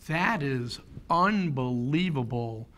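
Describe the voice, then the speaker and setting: A man's voice: medium pitch, animated, slow, a bit bright. A man in his fifties giving a keynote talk, telling a personal story in an earnest way and building to rhetorical questions. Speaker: keynote speaker.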